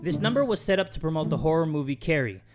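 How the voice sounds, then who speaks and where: A young man vlogging with a slightly high, crude, joking voice. He talks loud and casual, with music playing behind him. He is from Southern California. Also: big pitch swings, quick pace. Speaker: YouTuber. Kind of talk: casual vlog chat.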